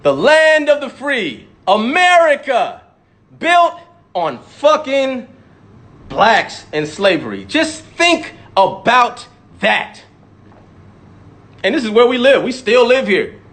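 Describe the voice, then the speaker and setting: This rapper's voice is very high and fairly bright, swinging widely in pitch, slow, and full of pauses. In his impassioned, profane monologue he repeats lines for emphasis and mocks imagined critics in sudden voices.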